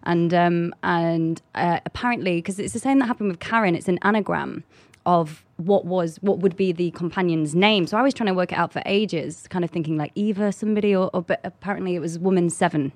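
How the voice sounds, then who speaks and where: A woman's voice: lowish voice, brisk, dry recording. A young English woman, an actress guest, chatting casually with frequent "kind of" fillers and easy laughter. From England. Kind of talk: casual interview chat.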